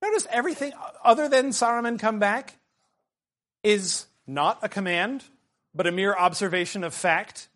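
A male teacher with a fairly high voice leads a seminar discussion. He is animated, works closely through the text and calls on students by name. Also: moderate pace. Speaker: teacher leading a literature discussion.

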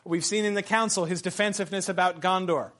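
A man's voice: high voice, steady tone, quick pace, a bit bright. A man giving a casual literature lecture, talking conversationally with many fillers and restarts. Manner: conversational, frequent fillers and restarts, reads quotes aloud.

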